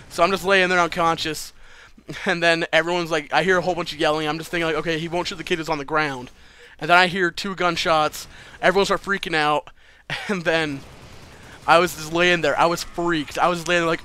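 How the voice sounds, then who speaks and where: Bright, crisp-voiced guy telling a story. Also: on the high side, steady tone, fairly quick. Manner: loose and chatty, laughs between lines, swears freely. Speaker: vlogger telling a personal story. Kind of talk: casual storytelling.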